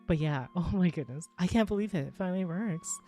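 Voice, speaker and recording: A woman live-streaming while she works, chatting casually with her viewers. Her voice sits low for a woman and has a mellow, warm tone. She is excitable and keeps breaking into exclamations, with faint music playing underneath. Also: fairly quick. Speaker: live streamer and world creator.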